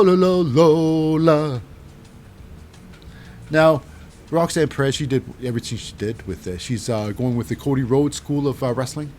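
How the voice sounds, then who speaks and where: A man's voice: mid-range voice, a little mellow, a little hiss or hum. A man casually recapping wrestling matches in a rambling, wry way with lots of fillers.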